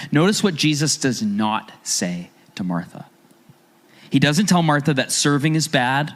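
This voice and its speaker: A man's voice: fairly high pitch, animated, a little slow. A man preaching a sermon as a pastor, talking in a conversational way and asking his listeners rhetorical questions.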